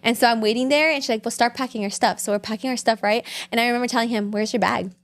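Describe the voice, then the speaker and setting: A woman's voice: fairly high pitch, fairly even intonation, rapid-fire. A young woman guest in a casual chat, rambling through a personal story full of "like" and acted-out quotes. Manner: rambling, heavy on "like", acts out quotes. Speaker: podcast guest.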